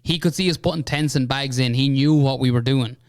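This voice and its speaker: Irish man telling a lively story. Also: mid-range voice, fairly quick, smooth, no echo, studio quality. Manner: animated anecdote-telling with lots of "right?" and "you know". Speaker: podcast guest. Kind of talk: casual storytelling.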